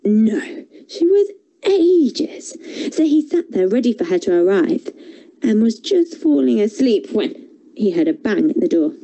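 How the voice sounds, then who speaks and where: A woman telling a fairy tale for children in a theatre workshop, expressive and playful. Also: mid-range voice, a little slow, breathy edge, rough recording. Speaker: storyteller, theatre workshop leader. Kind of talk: animated storytelling for children.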